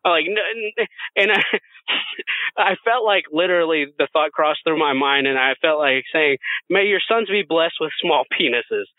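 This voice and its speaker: A man's voice: on the high side, normal speed, no room sound. A man co-hosting a podcast, telling a story in casual, profane chat with frequent laughter. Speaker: podcast co-host. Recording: dry, phone-like narrow sound.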